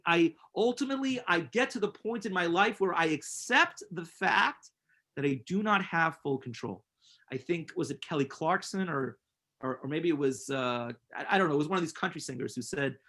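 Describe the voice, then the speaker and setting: Guy rabbi giving an inspiring class, kinda high voice, earnest, repeats stuff for emphasis. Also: a bit bright.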